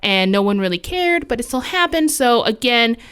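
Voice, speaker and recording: A woman's voice: a little high, expressive, normal speed, fairly bright tone, clean tone. A woman co-hosting a podcast, telling a ghost story in a casual, chatty way with lots of fillers. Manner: chatty, full of likes and fillers, laughs often.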